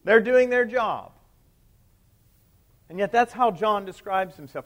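A man, a priest, preaching a sermon in a conversational way, asking the congregation questions and dropping to a quiet low voice at the end of quoted lines. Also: animated, takes it slowly.

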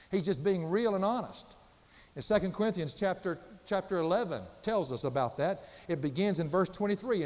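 A man preaching a sermon, earnest, slowing down and building for emphasis. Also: a little high, darkish tone. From Southern United States. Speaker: pastor. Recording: reverberant church hall.

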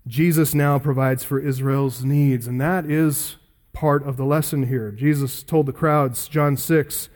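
A man's voice: mid-range voice, steady tone, measured pace, darkish tone. A male pastor teaching an expository sermon, reading scripture aloud and stressing key words earnestly.

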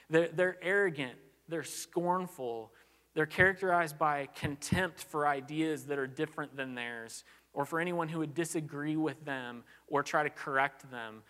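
Earnest preacher in a reverberant hall. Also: male voice, a little high, a bit bright. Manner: earnest, conversational, frequent "like" and restarts. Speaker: pastor. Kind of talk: sermon.

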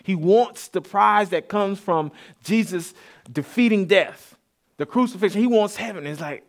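A man's voice: sits high, animated, normal speed. A man preaching a casual, conversational sermon in a church. He repeats and restarts words and builds to emphatic peaks. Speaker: pastor.

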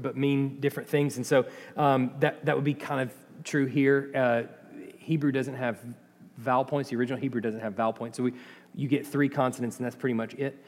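A man preaching a sermon in a conversational, animated way, often acting out the voices of the people in the story. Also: fairly high pitch, long reverb tail. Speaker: pastor.

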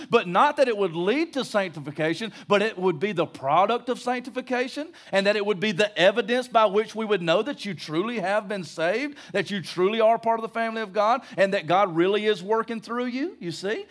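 Preaching an expository Bible-study sermon verse by verse, a middle-aged male pastor speaks in a voice that sits high. He keeps it conversational, throwing jokes and rhetorical questions at the congregation.

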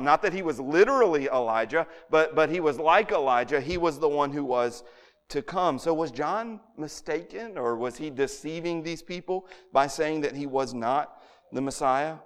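Earnest male preacher in a reverberant hall. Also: fairly high pitch. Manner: earnest, frequently repeats words as he restarts. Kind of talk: expository sermon.

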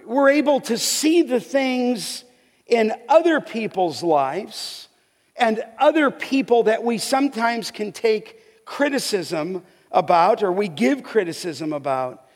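A man preaching an expository sermon, slow and deliberate, drawing words out for emphasis. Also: very high-pitched. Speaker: pastor. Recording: long reverb from a large hall.

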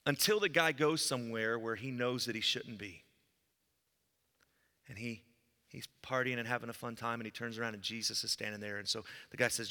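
Bright-voiced pastor preaching in a reverberant hall. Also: male voice, brisk. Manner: storytelling, swings between loud emphasis and hushed low lines. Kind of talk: sermon.

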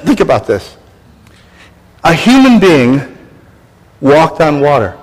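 Older man, pastor, sermon, exhorting, coughing, higher voice, long echoey hall. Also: sing-song, takes it slowly, long pauses. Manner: exhorting, call-and-response with congregation.

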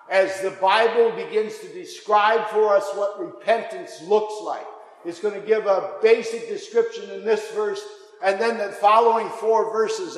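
A man preaching a sermon, impassioned, dropping to a hush and then rising again. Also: high voice. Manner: impassioned, swings from hushed to raised. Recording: echoey hall.

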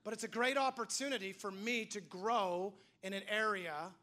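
A man in his thirties delivers a church sermon with a high, ringing voice. His tone is bright and forward, and he slips into little acted-out quotes as he tells stories. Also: normal speed. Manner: animated storytelling, acts out quoted voices. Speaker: pastor.

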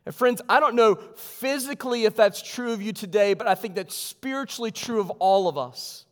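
A male pastor preaching a sermon in a church, swinging from loud emphatic lines to hushed ones. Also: high-pitched, normal speed, long reverb tail. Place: church sanctuary.

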